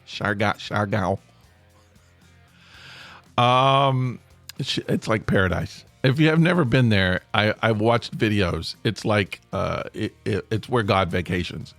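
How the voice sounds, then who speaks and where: Lively self-mocking man in his sixties. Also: on the low side, no room sound. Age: 60s. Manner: self-mocking, jokey, meandering. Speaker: podcast host. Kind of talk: casual rambling monologue.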